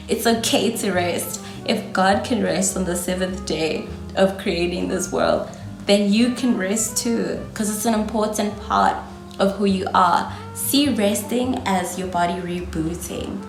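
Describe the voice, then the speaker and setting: A woman's voice: lowish voice, unhurried, gravelly, reverberant, music in the background. A South African woman in her twenties with a South African accent, giving chatty, encouraging advice to camera as a vlogger. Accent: South African English. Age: 20s. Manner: chatty, encouraging, calls viewers darling. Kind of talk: casual advice talk to camera.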